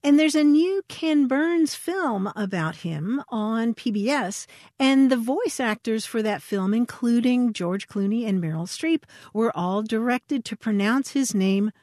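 A woman's voice: fairly high pitch, expressive, measured pace, darkish tone, no room sound, clean studio sound. A woman co-hosting a radio show about language, chatting and laughing easily. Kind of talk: casual radio chat.

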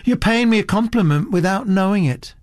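Male reader voicing a bored young woman in a storybook reading, lazy drawl, raised pitch, dry sound. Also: lively intonation, a little fast, no room sound. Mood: languid. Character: young woman artist, lazy, indifferent, amused.

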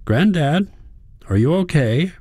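A man's voice: on the low side, big pitch swings, moderate pace, dark tone, dry recording, voice pushed up. An earnest, worried young woman, a student pleading with her grandfather in a storybook reading, as a man raises his voice to play her. The delivery is close and dry, with no room around it.

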